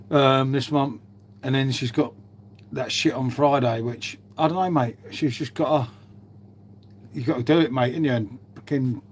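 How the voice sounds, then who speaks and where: A man's voice: medium pitch, a little mellow, slight background noise. A man, chatting casually on a live stream, swearing freely and bantering as he answers viewers' chat. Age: 50s.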